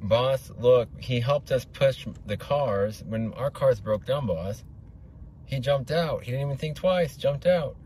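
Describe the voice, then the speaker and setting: A man's voice: medium pitch, a little slow, a little mellow, slight background noise, voice pushed up, natural voice. A man voicing a slimy, eager male henchman who keeps sucking up to his boss. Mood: tattling.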